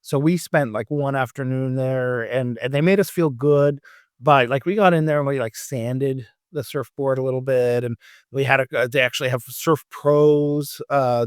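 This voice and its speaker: A man's voice: medium pitch, clean tone, dry recording, studio quality. A man co-hosting a casual travel podcast, rambling with many fillers and restarts. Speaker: podcast co-host.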